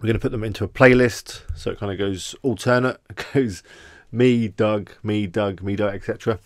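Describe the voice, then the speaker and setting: A man's voice: lowish voice, fairly even intonation, normal speed, no room sound, clean studio sound. An Englishman hosting a casual live stream, chatting with viewers and greeting them by name. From England.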